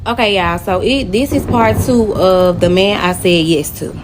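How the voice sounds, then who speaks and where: A woman's voice: mid-range voice, normal speed, background noise. A woman telling a personal story to her camera in a casual, emotional way, speaking straight to her viewers.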